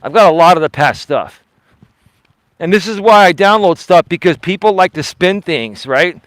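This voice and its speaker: A man's voice: high-pitched, lively intonation, normal speed, a bit bright, no echo. Emphatic man hosting a live stream. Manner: emphatic and defensive, repeats himself; talks straight to chat, asks pointed questions. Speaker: livestream host. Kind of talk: casual live-stream commentary.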